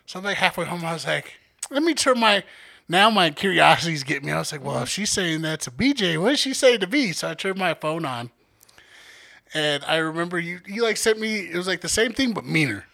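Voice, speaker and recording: A man's voice: fairly high pitch, very animated, a little fast, gravelly, bright, forceful tone. A young man co-hosting a podcast, telling a story in casual chat with a joking, laid-back manner. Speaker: podcast co-host.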